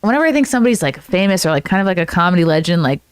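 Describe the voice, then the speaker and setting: A woman hosting a casual comedy podcast chat, bubbly and jokey with quick interjections. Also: on the low side, sing-song, clean tone, no room sound, clean studio sound. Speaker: podcast host.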